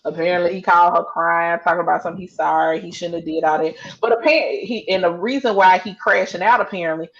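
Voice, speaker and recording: A woman's voice: fairly low pitch, steady tone, fast talker, hardly any pauses. Blunt woman cohost, lo-fi sound. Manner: blunt, profane storytelling. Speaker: podcast co-host. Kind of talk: casual chat.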